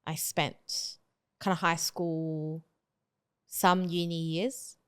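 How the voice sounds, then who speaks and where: A woman's voice: lowish voice, little pitch movement, extremely slow, smooth. A woman in her twenties from Hong Kong, a podcast guest telling her story in a casual, hesitant way with lots of fillers and restarts.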